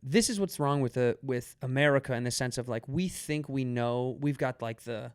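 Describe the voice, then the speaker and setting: A man hosting a podcast, telling stories in a rambling, animated way with many restarts. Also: medium pitch, normal speed, clean tone, no room sound, clean studio sound. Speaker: podcast host. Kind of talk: casual chat.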